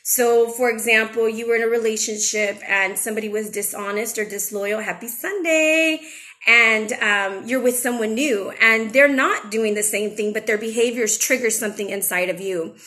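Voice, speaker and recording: A young adult woman talks through a tarot spread in a loose, chatty way. She is frank and a little emotional. Her voice sits somewhat high for a woman. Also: normal speed, pushed and bright. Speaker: tarot reader and channel host. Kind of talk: casual spiritual chat with tarot reading.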